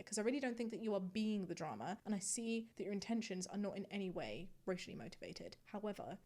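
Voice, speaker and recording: Chatty woman thinking out loud. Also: medium pitch. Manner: reads posts aloud, then reacts. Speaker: host reading and judging online posts. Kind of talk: casual commentary.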